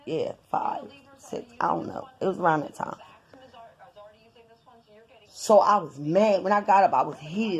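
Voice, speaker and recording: A woman vlogger telling a personal story to her viewers in a casual, animated way. She swears freely, repeats herself for emphasis and keeps talking straight to her audience. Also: fairly low pitch, a little slow, long pauses. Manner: animated, profane, addresses viewers directly with lots of repetition.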